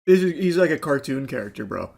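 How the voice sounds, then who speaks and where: A man's voice: a little high, very animated, fairly quick, vocal fry, a little mellow, soft background music. A man commenting on a video clip in a sarcastic, exasperated way, swearing bluntly. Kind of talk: reaction commentary.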